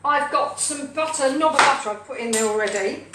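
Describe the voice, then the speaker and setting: A woman's voice: sits high, fairly quick. A woman hosting a live home cooking stream, rambling cheerfully and chatting to her pets and viewers. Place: home kitchen, indoors. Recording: echoey kitchen, from a distance, faint hum.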